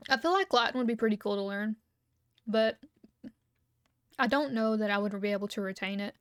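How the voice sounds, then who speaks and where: A woman's voice: medium pitch, fairly quick, clear, resonant tone, no echo, clean studio sound. A young woman streamer chatting casually and loosely, humming and giggling between thoughts while she eats. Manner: relaxed, rambling, hums and giggles often. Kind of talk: casual livestream chat.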